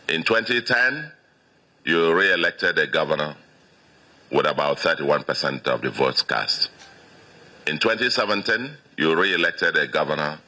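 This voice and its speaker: A man's voice: rumbling low, bright, forceful tone. A Nigerian man in his sixties, a state governor giving an emphatic victory speech to supporters, repeating phrases for stress.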